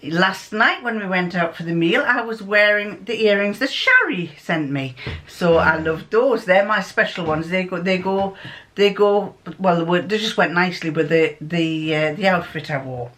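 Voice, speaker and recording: A woman's voice: on the low side, moderate pace, a bit bright. A woman vlogger in casual chat, chatty and scattered, often stopping to correct herself.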